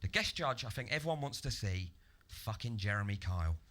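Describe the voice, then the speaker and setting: A man doing a stand-up comedy set on a comedy club stage into a handheld mic, with deadpan setups that burst into loud, ranting act-outs. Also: on the low side, brisk, noisy background.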